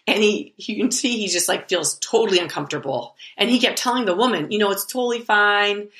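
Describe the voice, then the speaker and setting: A woman's voice: mid-range voice, animated, quick pace, fairly bright tone. A middle-aged woman casually telling a story, acting out the voices of the people in it.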